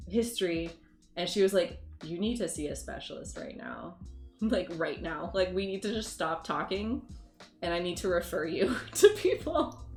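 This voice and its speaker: Woman, livestreamer, casual rambling chat, frequent laughter, echoey room. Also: lowish voice. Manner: rambling, laughs often, animated storytelling. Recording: roomy room with faint music.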